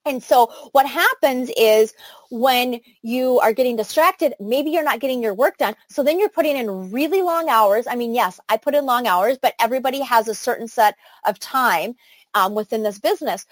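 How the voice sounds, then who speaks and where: A woman's voice: a little high, normal speed, no room sound. A middle-aged woman leading a motivational training talk for her sales team, enthusiastic and chatty with many fillers and restarts. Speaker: network marketing team leader.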